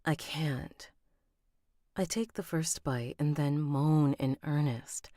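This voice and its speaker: A woman's voice: sits low, steady tone, slow, warm tone, no echo, clean studio sound. A woman reading an audiobook aloud on a live stream, breaking off to chat with viewers and redo lines.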